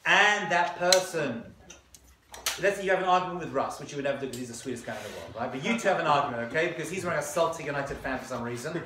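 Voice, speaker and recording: A British man, a rabbi, giving a lively, joking class and bantering with his audience. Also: a little high, slight background noise. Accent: British English. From Britain. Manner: animated, joking, quick back-and-forth. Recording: echoey room.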